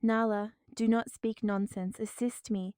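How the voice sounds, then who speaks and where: A ruined man begs and pleads in a storybook drama, as a woman reads him. The voice stays mellow and smooth, recorded close and dry. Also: fairly high pitch, flat delivery, unhurried, no room sound, lightly acted. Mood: frantic. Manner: hysterical, pleading.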